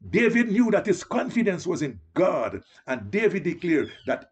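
A man's voice: a little high, sing-song, measured pace, darkish tone, slightly rough. A man preaching an evangelistic sermon, pleading with listeners and often calling them "beloved.".

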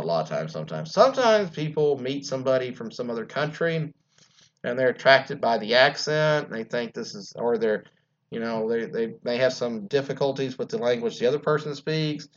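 A man's voice: medium pitch, highs cut off. A man hosting an internet radio talk show, rambling casually with many fillers and restarts and some crude jokes.

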